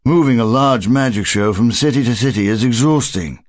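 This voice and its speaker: A man's voice: mid-range voice, normal speed, dry recording, natural voice. A man voicing a weary, friendly traveling magician in an audiobook, speaking politely and tiredly. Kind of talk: audiobook character voice.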